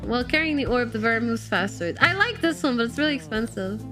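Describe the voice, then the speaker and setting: Excitable woman streamer, kinda sick and coughy, a bit high voiced, chatting with viewers. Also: fast talker, faint music behind. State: slightly ill, coughing. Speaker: game streamer. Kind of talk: casual live-stream chat while playing.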